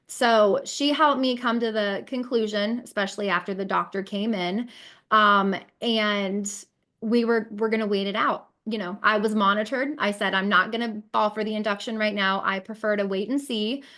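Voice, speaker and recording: A woman in her thirties speaks as a guest on a conversational podcast. Her voice sits at an ordinary middle pitch, and she tells a personal story earnestly, acting out what others said and pausing on frequent fillers. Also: steady tone, fairly bright tone.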